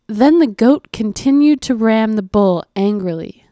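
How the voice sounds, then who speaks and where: A woman's voice: on the high side, expressive, a little slow, mellow, dry recording, clean studio sound. A woman narrating a short animal fable in a plain, scripted reading. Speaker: storyteller.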